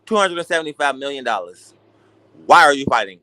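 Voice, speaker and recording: Bright-voiced man ranting on a stream. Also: medium pitch, fairly quick, no room sound. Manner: animated, profane, ranting. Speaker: boxing talk show host. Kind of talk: casual livestream rant.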